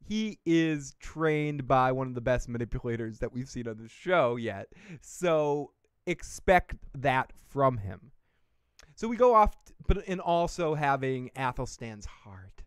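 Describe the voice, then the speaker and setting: A man's voice: mid-range voice, lively intonation, unhurried, smooth, dry recording, studio quality. A man hosting a live TV episode recap, talking in a rambling, jokey, profane way. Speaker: TV recap host. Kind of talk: casual live-stream recap.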